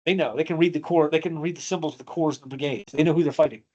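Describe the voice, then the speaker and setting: A man's voice: fairly high pitch, fairly even intonation, rapid-fire, a little mellow, highs cut off. Man lecturing with emotional storytelling. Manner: emotional storytelling, acts out quotes. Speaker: history teacher.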